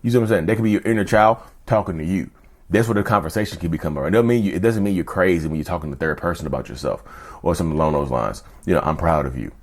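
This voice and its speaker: Earnest man talking straight to camera. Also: racing. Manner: earnest, repetitive, keeps asking "you see what I'm saying"; jumps sharply up in pitch for emphasis. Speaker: YouTube channel host. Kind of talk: casual talk to camera.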